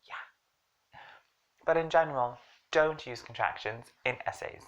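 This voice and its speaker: A woman with a strikingly deep, low voice giving a casual English lesson. She chats along with jokes and asides, stressing key words to make her points. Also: unhurried, lo-fi sound. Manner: chatty, jokey, emphatic explaining. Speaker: English teacher. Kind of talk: casual online language lesson.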